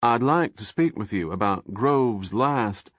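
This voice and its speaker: A man voicing a cool, sly, cultured male FBI agent who speaks in a measured, precise way. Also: on the low side, lively intonation, fairly bright tone, no echo, clean studio sound, full character voice.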